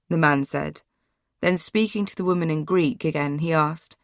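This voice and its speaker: A woman narrating a first-person true-crime memoir audiobook in a measured, subdued way. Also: low voice, no room sound, clean studio sound.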